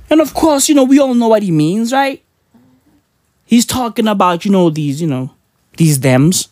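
A woman's voice: medium pitch, animated, moderate pace, darkish tone, no room sound. A woman ranting on a podcast in casual, profane, slangy talk, emphatic and mocking.

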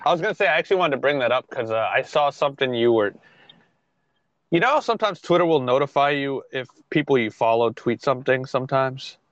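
A man's voice: mid-range voice, expressive, quick pace, a bit bright, no echo, highs cut off. Man, casual podcast chat, laughs often, curses, dry close sound. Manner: laughs a lot, swears freely. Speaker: podcast co-host.

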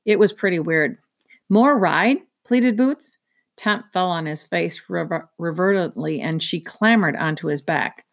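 A woman reading a children's novel aloud, in a steady storytelling manner. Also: low voice, moderate pace, hardly any pauses. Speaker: reader. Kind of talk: children's book read-aloud.

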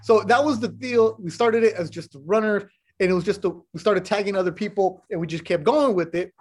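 A man's voice: high-pitched, a little fast, slightly rough. A middle-aged man, a sports broadcaster, chatting as a podcast guest, telling stories bluntly and with animation, swearing now and then. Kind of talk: casual chat.

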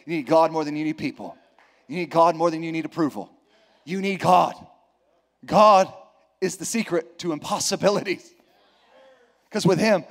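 A man preaching a sermon, telling a story with acted-out quotes and swinging between loud bursts and hushed passages. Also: high-pitched. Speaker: pastor.

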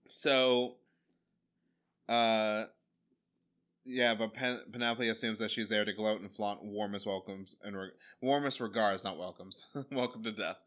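A man chatting casually as a podcast host and recapping an episode with loose jokes. His voice is bright and forward. He rambles and paraphrases scenes. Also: fairly low pitch, steady tone, measured pace.

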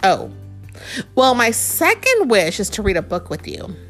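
A woman's voice: mid-range voice, wildly swooping pitch, a little slow, a bit bright, soft background music. A woman voicing an eager, cheeky little chick boy, reading a storybook aloud. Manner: bouncy, pleading, cheeky.

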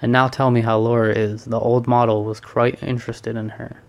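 A man's voice: mid-range voice, flat delivery, brisk, creaky, close to an everyday voice. A man reading as an amused painter friend. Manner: teasing, amused. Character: cheerful worldly male painter friend. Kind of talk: audiobook reading.

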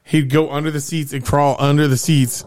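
A man in his thirties with a fairly high voice, hosting a casual podcast. He is excitable and crude, swears often and tosses "dude" into nearly every sentence. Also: normal speed. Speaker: podcast host. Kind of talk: casual chat.

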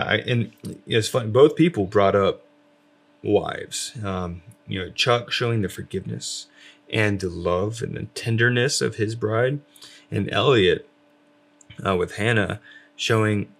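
A man talking casually about faith with his wife, rambling with lots of fillers and restarts. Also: lowish voice. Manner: rambling, many fillers, self-described loud.

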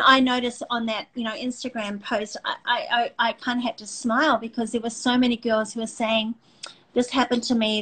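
A woman's voice: fairly high pitch, a bit bright, rough recording. A middle-aged woman hosting a faith talk show, speaking earnestly and emotionally with many restarts. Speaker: host.

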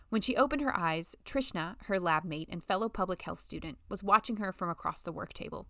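A woman reading a novel as an audiobook narrator, in a measured storytelling manner. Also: lowish voice, a bit bright, dry recording, studio quality. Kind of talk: scripted narration.

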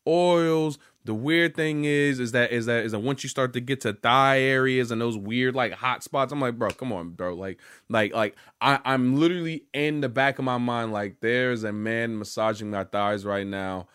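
A man's voice: medium pitch, normal speed, hardly any pauses, fairly bright tone, smooth, dry recording, studio quality. A young man telling a story to the camera in a loose, rambling, profane way, full of restarts and fillers. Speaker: vlogger. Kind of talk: casual storytelling monologue.

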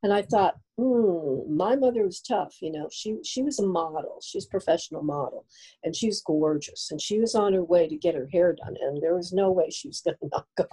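An older woman from New Jersey, a psychic guest telling stories in a chatty, animated way. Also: lowish voice, brisk, husky, rough recording. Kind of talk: casual interview storytelling.

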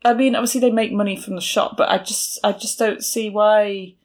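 A woman's voice: medium pitch, steady tone, brisk. A woman in casual chat, chiming in with dry asides and questions. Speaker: podcast co-host.

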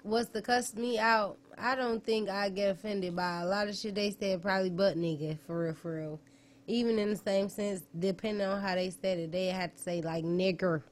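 A woman's voice: mid-range voice, fairly even intonation, normal speed. A woman, co-hosting a casual comedic chat, blunt, profane and emphatic.

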